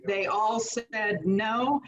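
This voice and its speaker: A woman's voice: mid-range voice, steady tone, extremely slow. Woman, firm, direct, clarifying, muffled call audio. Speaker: board member. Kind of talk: virtual board meeting remarks. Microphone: video call.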